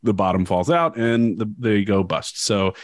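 A man's voice: fairly low pitch, moderate pace, a little mellow, no room sound. A man hosting a podcast, recounting a story in frank, conversational chat. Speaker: podcast host. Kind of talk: casual chat.

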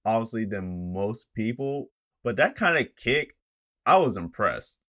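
A man's voice: lowish voice, very animated, unhurried, bright, forceful tone. A man co-hosting a casual podcast, chatting about an anime episode with laid-back slang and frequent laughs. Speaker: podcast co-host. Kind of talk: casual anime recap chat.

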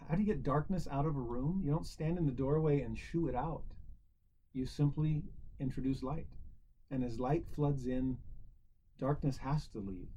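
Mellow-voiced man teaching scripture. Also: a little high, a little hiss or hum, poor audio. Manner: conversational, rhetorical questions, self-corrections. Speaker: religious teacher. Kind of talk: scripture lesson.

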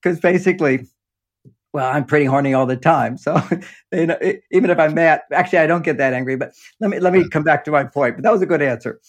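An older man, a relationship author appearing as a guest, talks in a rambling, explanatory way during a casual interview from his underground home office. His voice is a little high and fast, and he often breaks into laughter.

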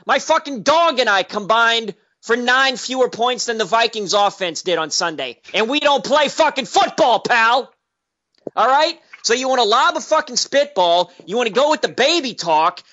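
A man rants into a sports radio call, combative and profane, circling back to the same jabs again and again. His voice sits high and sharp. The audio comes through dull and lo-fi. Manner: profane, combative, repetitive ranting. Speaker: caller. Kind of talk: angry sports radio rant.

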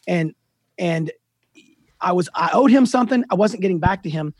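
A man in his fifties, a guest author, telling animated, self-deprecating stories in a casual interview. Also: high voice, normal speed, no room sound, studio quality.

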